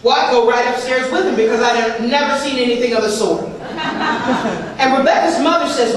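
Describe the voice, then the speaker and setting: A woman's voice: sits high, brisk. Laughing storyteller woman in an echoey room. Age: 40s. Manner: lively, laughing, humorous, slips into voices. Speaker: speaker sharing her recovery story. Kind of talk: personal storytelling to an audience. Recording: echoey room, distant mic, background noise.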